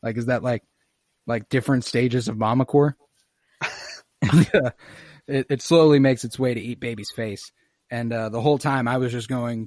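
A man's voice: mid-range voice, brisk, dry recording, clean studio sound. Laughing young guy recapping a show. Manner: animated storytelling, laughs often, swears. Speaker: podcast host recapping an episode. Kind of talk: casual chat.

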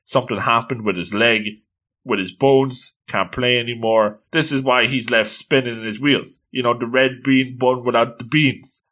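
A man's voice: mid-range voice, sharp tone. A man casually retelling a comic chapter with enthusiasm, often exclaiming in delight. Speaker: manga reviewer.

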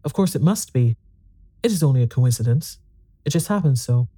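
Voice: medium pitch, expressive, fairly quick, dark tone, breathy edge. A reader doing stammering, horrified Mrs Brigham. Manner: stammering, horror-stricken. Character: frightened middle-aged woman, Mrs Brigham.

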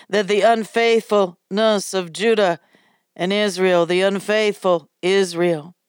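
A woman preaches a devotional sermon at an unhurried pace, her voice smooth and clean. She speaks haltingly and fervently, restarting phrases and repeating words. The sound is dry and close, with no room around it. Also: medium pitch, dry recording. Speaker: ministry host and preacher.

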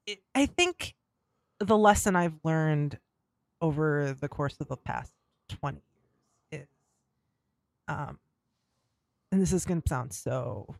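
A woman's voice: sits low, lively intonation, slow, creaky, pauses often, no room sound. Chatty self-deprecating woman guest. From Rust Belt, United States. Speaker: podcast guest. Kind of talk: casual interview chat.

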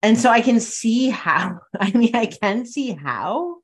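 A woman's voice: fairly high pitch, lively intonation, takes it slowly, breathy edge. A woman co-hosting a casual podcast chat, talkative and thoughtful, with many "like" fillers. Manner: chatty, frequent filler "like", thoughtful. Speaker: podcast co-host.

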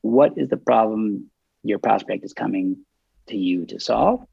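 Creaky, husky man telling a story. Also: on the low side, no echo, highs cut off. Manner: self-described nervous, halting with many restarts; animated, acts out quoted dialogue. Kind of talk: casual storytelling interview.

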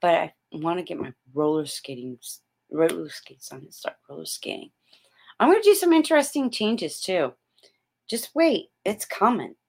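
A woman's voice: on the low side, big pitch swings, moderate pace, husky. A middle-aged woman hosting a motivational vlog, speaking emphatically and repeating her points like a pep talk. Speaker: motivational host.

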